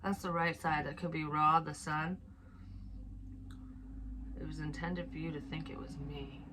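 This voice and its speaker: A woman giving an unscripted psychic reading, soft and hesitant, thinking aloud with many restarts and casual swearing. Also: deep voice, little pitch movement, a little slow, noisy background. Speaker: psychic medium.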